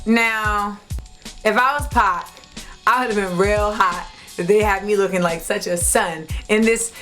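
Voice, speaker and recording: A woman's voice: medium pitch, steady tone, a little slow, a bit bright, soft background music. A woman hosting a vlog, giving casual, sassy, candid commentary in slangy speech. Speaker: host.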